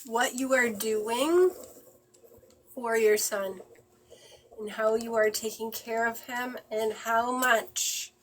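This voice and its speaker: A woman medium giving a live-stream reading. She talks in halting, emotional bursts with many fillers and sighs. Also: a little high, steady tone, a little hiss or hum, low-quality recording.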